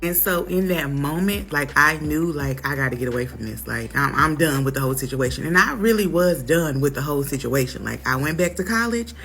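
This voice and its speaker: A young woman telling a personal story in a casual, animated way, acting out what others said. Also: low-pitched, a little fast, few pauses. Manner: animated, acts out quotes in others' voices.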